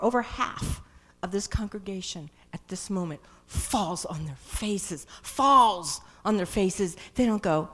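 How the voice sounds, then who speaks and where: A woman preaching a sermon in a church, reading scripture dramatically and swinging between loud cries and hushed, whispered passages. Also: medium pitch, lively intonation, measured pace.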